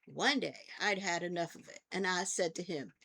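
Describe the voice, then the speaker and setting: A woman's voice: fairly low pitch, moderate pace, creaky, bright, forceful tone, breathy edge. An older woman hosting her own vlog, telling stories in a chatty way and checking in with her listeners as she goes. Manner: chatty storytelling, often checks in with "okay?". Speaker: vlog host and therapist. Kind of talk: casual talk to camera.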